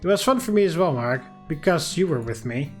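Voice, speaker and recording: A man reading the lines of a cheerful, gentle teenage girl in a soft, caring way. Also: a little high, expressive, fairly quick, soft background music, lightly acted. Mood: affectionate.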